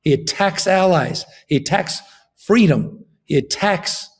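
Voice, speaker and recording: A man's voice: high voice, expressive, a little slow. A man, a governor, giving an impassioned political interview, emphatic and fond of repeating his phrases.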